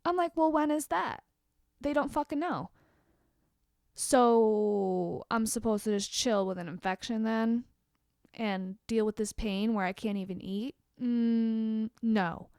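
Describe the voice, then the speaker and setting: Young woman, vlogger, storytime rant, swears freely, bit high voice, dry close sound. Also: clean tone, no room sound. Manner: candid and expressive, swears freely, quick asides to viewers.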